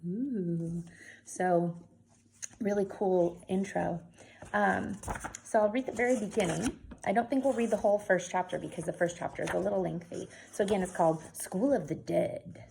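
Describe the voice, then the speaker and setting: A woman teacher reading a novel aloud, clear and expressive as she tells the story. Her voice sits in a middle range, easy and even. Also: mid-range voice, a little fast, a little hiss or hum.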